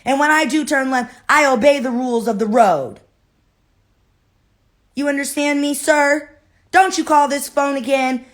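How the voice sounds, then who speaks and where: A woman's voice: low-pitched, normal speed, pauses often, pitched below the performer's own voice, close to an everyday voice. A woman voicing a prim, indignant neighborhood woman who scolds in proper, outraged tones.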